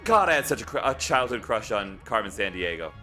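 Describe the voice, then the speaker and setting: A man chatting casually while live streaming a video game, rambling and swinging between loud pleading and quiet mumbling. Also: fairly low pitch, big pitch swings, brisk, faint music behind.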